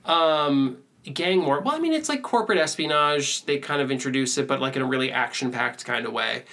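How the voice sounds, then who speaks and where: A man's voice: mid-range voice, expressive, fairly quick, vocal fry, sharp tone. A man co-hosting a podcast in casual chat, joking and slipping into put-on accents. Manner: jokey, bursts into put-on accents. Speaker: podcast co-host.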